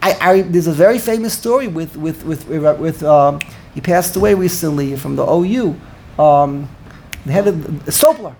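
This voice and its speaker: A man's voice: fairly high pitch, normal speed. Older guy giving a torah class, keeps repeating himself, bit of faint noise behind. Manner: animated, repeats words, searches for words. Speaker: Torah teacher.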